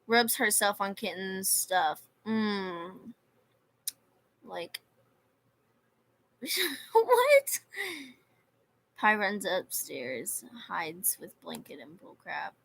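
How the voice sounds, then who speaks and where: Slow-talking young woman livestreamer. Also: medium pitch, creaky, fairly bright tone, rough recording. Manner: reads chat messages aloud, complaining and sarcastic. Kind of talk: casual livestream storytelling.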